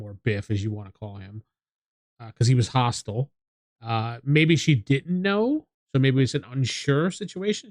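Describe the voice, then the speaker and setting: A man's voice: mid-range voice, no room sound. A man playing a tabletop game with a friend, thinking aloud as he works out rulings. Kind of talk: casual tabletop game play.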